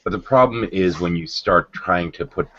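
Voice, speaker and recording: A man's voice: low-pitched, moderate pace, a bit bright. A man hosting a casual livestream chat, rambling and sardonic, with lots of ums and restarts. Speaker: livestream host. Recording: dull lo-fi stream audio.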